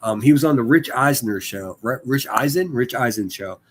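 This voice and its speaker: Casual profane streamer guy, talking loose and rambly, mid pitch. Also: animated, moderate pace, slight background noise. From Pittsburgh area. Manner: rambling, profane, many fillers and restarts. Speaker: live streamer.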